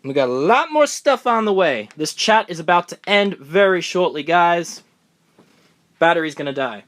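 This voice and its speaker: A young man from Australia chatting excitedly through a live Q&A stream, recorded on his phone in a room of books. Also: sits high, moderate pace. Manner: chatty, excitable, answers comments on the fly. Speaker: fan vlogger. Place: room full of books, indoors.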